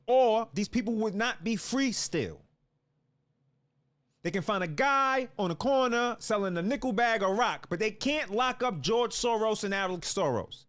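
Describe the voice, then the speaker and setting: A man's voice: sits high, expressive, unhurried, a bit bright. A man giving a heated political monologue, fiery and repeating himself as he restarts lines. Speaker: political commentator.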